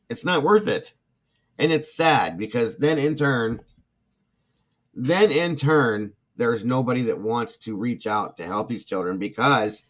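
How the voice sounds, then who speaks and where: A man's voice: mid-range voice, fairly bright tone. A middle-aged man hosting a true crime livestream, ranting with indignant passion, reading comments from chat and apologizing between outbursts. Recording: dull lo-fi sound.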